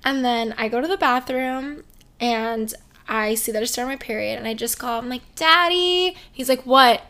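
High-voiced young woman on a podcast, giggly, animated storyteller. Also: moderate pace. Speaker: podcast co-host. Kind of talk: casual chat.

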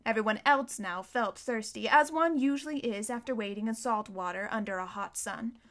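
A woman's voice: on the high side, normal speed, fairly bright tone. Woman reading a storybook aloud. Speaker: audiobook reader. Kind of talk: storybook narration.

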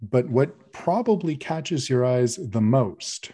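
A man's voice: mid-range voice, expressive, slow pace, mellow, breathy edge. A man narrating a tabletop game as game master, describing scenes at length with frequent fillers.

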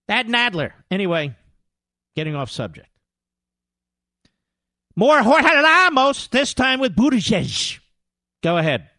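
A man's voice: high voice, very animated, slow, pauses often, bright, forceful tone, no room sound, clean studio sound. A man hosting a political talk radio show, combative and sarcastic, mocking his targets as he talks.

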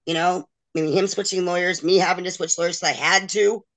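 A woman's voice: fairly low pitch, fairly even intonation, fairly quick, fairly bright tone. Middle-aged woman guest, candid and emotional, acts out others' words as she tells her story. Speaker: interview guest.

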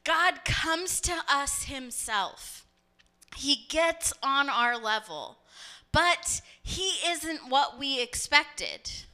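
A woman's voice: high voice, very animated, very slow, bright, forceful tone. A woman pastor preaching a sermon, telling stories and acting out voices as she goes. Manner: storytelling, acts out voices.

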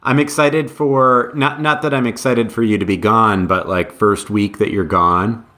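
An American man with an ordinary middle-pitched voice, chatting as a podcast co-host. He thinks aloud and often restarts, hedging as he goes. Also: fairly even intonation, measured pace, bright, forceful tone. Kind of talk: casual sports chat.

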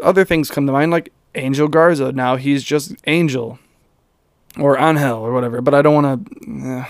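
A man's voice: medium pitch, creaky, clean tone, no room sound, studio quality. Rambling, profane young man podcasting. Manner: rambling, profane, self-mocking, lots of fillers. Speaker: podcast host. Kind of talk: casual solo podcast rant.

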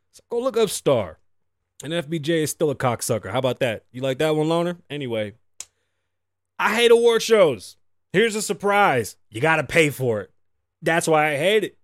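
A man hosting his own podcast, ranting about celebrity gossip in a heated, profane way, jumping between loud outbursts and muttered asides. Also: high voice, dry recording, studio quality. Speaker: podcast host. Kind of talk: ranting commentary.

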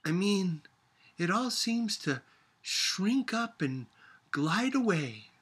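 A man's voice: high-pitched, big pitch swings, takes it slowly, a bit bright, slightly rough, voice pushed up, full character voice. A man voicing an old grandmother in a read-aloud storybook, with emphatic rising and falling delivery. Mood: wistful. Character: old grandmother, wistful and prickly.

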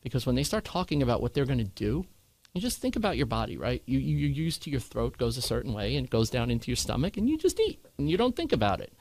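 Man, earnest storyteller, animated quoting, dry close sound. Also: medium pitch, fast, gravelly, no echo. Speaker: guest sharing his cancer story. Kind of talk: candid conversational storytelling.

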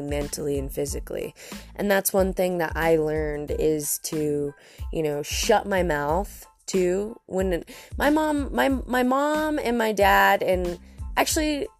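A young woman from Colorado hosting a podcast, talking candidly in a casual monologue full of fillers. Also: fairly low pitch. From Colorado, USA. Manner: candid, frequent fillers, drawn-out. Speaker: podcast host.

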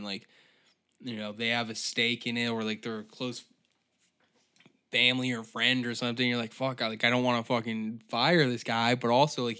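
A man's voice: mid-range voice, pushed and bright. Profane, rambling male podcast host. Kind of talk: solo comedic rant.

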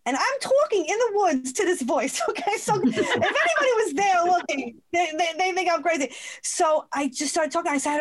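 A woman telling a personal story as a guest in a conversation, expressive and quick to laugh, acting out the voices she quotes. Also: very high-pitched.

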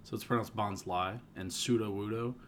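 A man's voice: fairly low pitch, steady tone, normal speed, slight background noise. A man co-hosting a casual podcast, talkative and prone to restarting his sentences. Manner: talkative, repeats himself when starting a thought. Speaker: podcast co-host. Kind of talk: casual chat.

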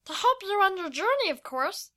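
A woman voicing a tiny, cheerful, hand-sized creature in a high-pitched voice. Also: big pitch swings, normal speed, bright, forceful tone, full character voice. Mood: chirpy.

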